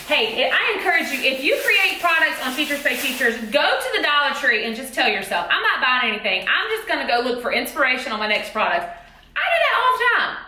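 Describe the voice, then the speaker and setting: A woman's voice: sits high, very animated, brisk, pushed and bright, a little hiss or hum. A woman teacher chatting in a bubbly, exclamatory way about a haul of school supplies. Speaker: teacher vlogger. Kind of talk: casual haul vlog. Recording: echoey room.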